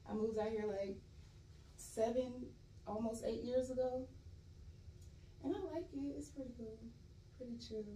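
Young actress guest, mellow and candid, roomy off-mic sound. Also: female voice, on the high side, steady tone, unhurried, long pauses. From California. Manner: laid-back, candid, laughs often. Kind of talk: casual interview chat. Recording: roomy echo, voice a bit far from mic, faint noise.

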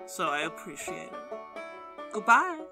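A man's voice: high-pitched, moderate pace, music in the background. A man co-hosting a podcast, chatting casually with dry, self-deprecating humor. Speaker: podcast co-host. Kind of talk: casual comedic chat.

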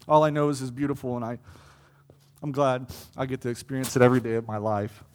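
An earnest young man preaches a personal testimony from the pulpit, his voice sitting at an ordinary middle pitch. He swells from quiet reflection into impassioned, louder pleas. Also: flat delivery, quick pace. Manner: earnest, building to impassioned pleas with fluctuating loudness. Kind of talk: sermon testimony.

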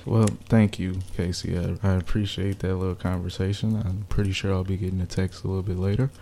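Male co-host with a deep, gravelly voice and a measured, wry delivery. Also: little pitch movement, warm tone, slight background noise. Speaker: podcast co-host. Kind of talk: casual chat.

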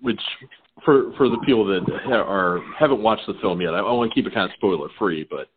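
Southern us guy interviewing, low raspy voice, rambly questions, sounds like a phone call. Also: noisy background. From American South. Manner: rambling, halting questions with many fillers. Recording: tinny phone-line audio.

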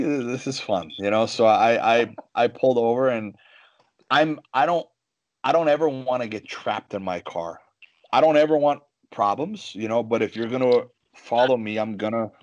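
A man talking in a casual, animated way, telling stories full of restarts and "you know" asides. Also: mid-range voice, no room sound. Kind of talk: casual storytelling chat.

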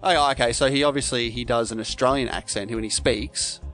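A man's voice: mid-range voice, steady tone, a little fast, fairly bright tone. Male panelist, cheerful, mid-range voice, faint music under. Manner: upbeat, laughs often. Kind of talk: casual quiz chat.

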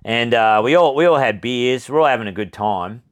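This podcast co-host is a young Australian man with a medium-pitched voice and a moderate pace. Chatting casually, he spins a long, wandering story full of free swearing and frequent laughs.

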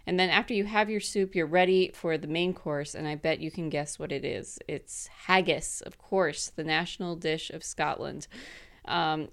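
A woman giving a casual, chatty explainer, with frequent fillers and light laughs. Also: sits low. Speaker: presenter.

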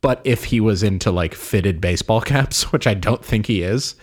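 A man's voice: lowish voice, moderate pace, breathy edge. Rambling young man telling stories. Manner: rambling storyteller, many "like" fillers. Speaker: podcast co-host. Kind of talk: casual chat.

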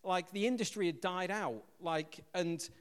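An English man preaching a sermon as pastor, an animated storyteller who acts out quotes loudly. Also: high voice, unhurried, big-room sound. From England.

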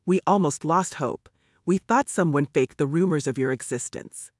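A man reading the part of a friendly young man speaking from a magic mirror, calm and reassuring in an audiobook. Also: a little high, moderate pace, no room sound, studio quality, close to an everyday voice.

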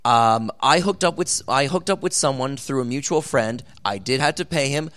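A man speaking on a convention panel, giving animated, jokey advice on voice acting. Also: medium pitch, normal speed.

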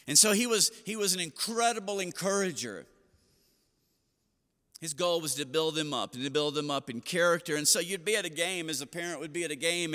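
Man, middle-aged pastor, bright tense voice, fairly high, long hall reverb. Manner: storytelling, animated quoted voices. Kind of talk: seated sermon.

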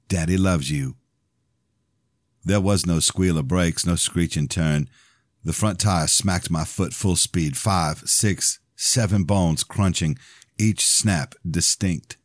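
A man reading his own novel aloud as a podcast host, in steady, even first-person narration. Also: low voice, dry recording, clean studio sound.

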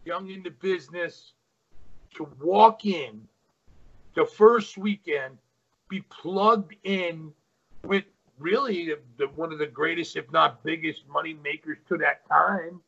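A man's voice: fairly high pitch, slow, gravelly, a bit bright, breathy edge, muffled recording. A middle-aged man, a retired pro wrestler, telling stories as an interview guest, rambling with many fillers. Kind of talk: casual interview storytelling.

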